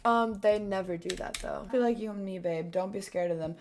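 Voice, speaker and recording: A woman streamer chatting casually, burping loudly and often, apologizing, and swearing bluntly. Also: mid-range voice, fairly quick, very noisy. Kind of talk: casual live-stream chat.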